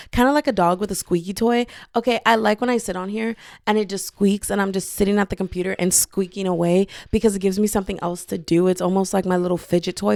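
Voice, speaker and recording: A woman's voice: medium pitch, gravelly, a little mellow, dry recording, clean studio sound. A young adult woman hosting her own podcast from her bedroom, chatting in a rambling way with a slightly scratchy voice and breaking into playful singing. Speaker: podcast host. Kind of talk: casual solo podcast chat. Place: her bedroom with hardwood floors. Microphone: podcasting mic.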